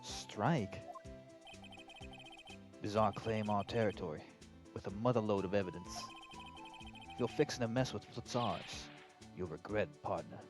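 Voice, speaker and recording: A man voicing a swaggering cowboy lawman with a low, gruff drawl in a game playthrough. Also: normal speed, long pauses, music in the background, lightly acted. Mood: menacing drawl.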